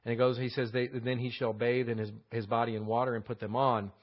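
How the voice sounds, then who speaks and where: A man's voice: mid-range voice, little pitch movement, quick pace. A man teaching a verse-by-verse Bible study, explaining words and asking rhetorical questions with many fillers. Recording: dull lo-fi sound.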